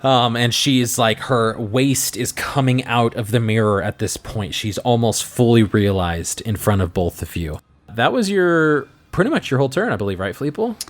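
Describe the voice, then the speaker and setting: A man narrating as game master for a tabletop game, upbeat and quick to react. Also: mid-range voice, expressive.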